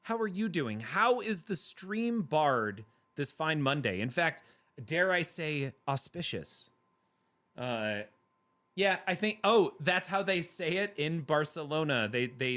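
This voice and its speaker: Male stream host, casual chatty banter, slightly higher-pitched voice, laughs easily. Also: big pitch swings, unhurried, pushed and bright. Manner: chatty, playful, laughs often. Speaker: livestream host reading chat. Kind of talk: casual chat.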